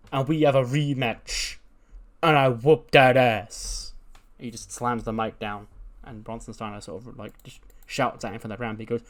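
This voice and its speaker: A man hosting a casual let's play, narrating a wrestling booking game in a rambling, chatty way with self-corrections. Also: mid-range voice.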